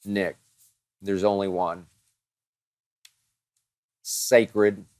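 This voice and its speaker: A man's voice: low voice, little pitch movement, extremely slow, a little mellow, no room sound, clean studio sound. A man hosting a show, answering listener questions in a dramatic, emphatic monologue that piles up strong words.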